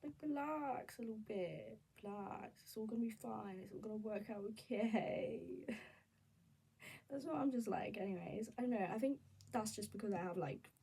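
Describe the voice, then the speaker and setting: A young woman vlogging in a candid, rambling, animated casual chat. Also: mid-range voice, normal speed, vocal fry, husky, distant mic, rough recording. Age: young adult.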